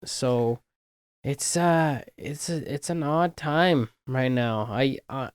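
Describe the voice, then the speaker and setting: A man with a smooth, clear voice hosts a podcast in a loose, casual way, using slang and swearing. The recording is dry and close to the mic. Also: medium pitch, slow, no echo. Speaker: podcast host. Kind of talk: casual conversation.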